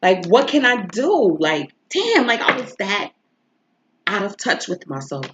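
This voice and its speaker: A woman's voice: medium pitch, sing-song, a little slow, dull audio, background noise. Emotional woman with a stuffy nose. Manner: emotional, rambling, rhetorical asides. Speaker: astrology and tarot reader. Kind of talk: casual confessional vlog chat. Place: home.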